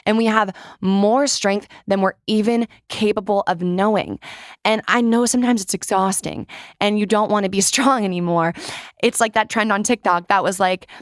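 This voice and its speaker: A woman's voice: mid-range voice, steady tone, normal speed, no echo, clean studio sound. A young woman hosting her podcast, talking in a candid, chatty way with lots of "like" and some casual swearing. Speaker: podcast host. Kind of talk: casual solo monologue.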